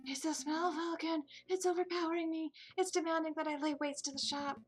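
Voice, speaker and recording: Woman doing a frantic, high-strung bird sidekick. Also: level tone, a little fast, faint music behind. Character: excitable male bird sidekick.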